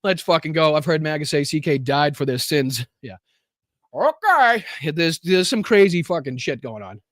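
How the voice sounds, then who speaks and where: A man's voice: on the high side, expressive, normal speed, fairly bright tone, dry recording, studio quality. Profane out-of-breath Boston man. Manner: profane, rowdy, laughing, out of breath. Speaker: political show host. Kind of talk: profane livestream commentary and viewer shout-outs.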